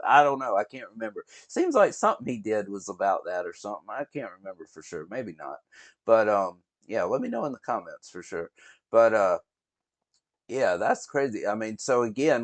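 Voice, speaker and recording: A man's voice: on the low side, no room sound. A man hosting a reaction video, rambling and swearing as he talks straight to his viewers. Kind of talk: casual reaction commentary.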